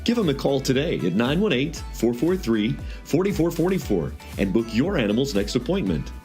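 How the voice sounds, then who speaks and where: A man reading a local commercial in a smooth, friendly sales style. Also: medium pitch, very animated, brisk, a little mellow, soft background music. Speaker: ad announcer. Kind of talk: local radio commercial read.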